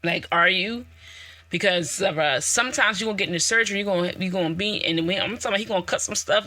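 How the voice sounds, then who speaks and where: A woman podcast host giving a personal testimony in an animated, conversational way, talking straight to her listeners. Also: mid-range voice, fast. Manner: animated, storytelling, acts out quoted dialogue; repetitive, conversational, addresses listeners directly.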